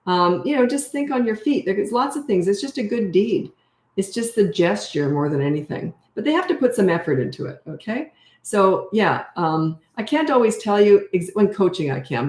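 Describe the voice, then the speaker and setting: A woman's voice: lowish voice, a little mellow, roomy sound. An older woman coaching parents in a casual live Q&A, talking directly with plenty of fillers. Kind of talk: live Q&A, reading and answering comments.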